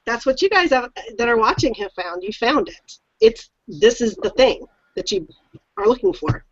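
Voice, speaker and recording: A woman's voice: fairly high pitch, sing-song, moderate pace, no echo. A woman co-hosting a casual chat, speaking in an earnest, emphatic and reassuring way. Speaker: co-host. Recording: dry, muffled lo-fi audio.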